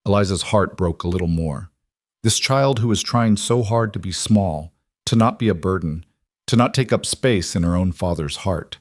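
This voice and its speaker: A man narrating a scripted western story in a calm, measured way. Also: sits low, no room sound.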